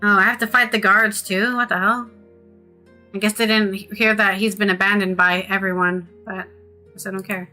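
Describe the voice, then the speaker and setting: A woman's voice: medium pitch, flat delivery, moderate pace, pushed and bright, soft background music. A woman streaming a video game, chatting casually and reading the game's text aloud. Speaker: gaming streamer.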